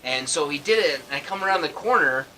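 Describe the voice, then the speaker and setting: Rambling man with lively pitch. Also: fast, a little hiss or hum, rough recording. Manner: rambling storyteller, laughs often. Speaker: podcast co-host. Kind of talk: casual group chat.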